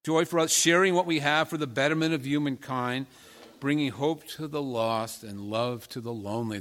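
His medium-pitched voice fairly bright, a male pastor preaches in a large church sanctuary where the sound trails off in a long reverb. He talks conversationally and often pauses to check in with the congregation using friendly questions.

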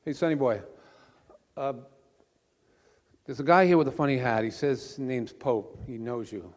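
A man's voice: medium pitch, moderate pace, lightly acted. A man playing a brusque, cigar-smoking old gatekeeper saint who brushes visitors off, in a long church reverb. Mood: breezy. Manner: curt, dismissive.

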